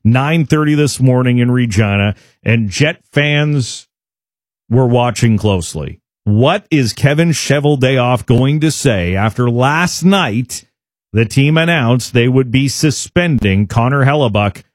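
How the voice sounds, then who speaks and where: A man's voice: mid-range voice, lively intonation, measured pace, no echo. A male sports radio host with a mid-range voice who argues his opinions emphatically. He often restarts sentences as he builds his point. The studio sound is dry and close.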